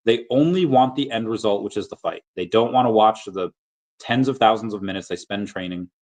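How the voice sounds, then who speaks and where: Casual male livestream host, lowish voice, loose and rambling, reads chat aloud. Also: brisk, a little mellow, rough recording. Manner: loose, rambling, lots of fillers and restarts; playful, drops into sung and silly voices reading comments.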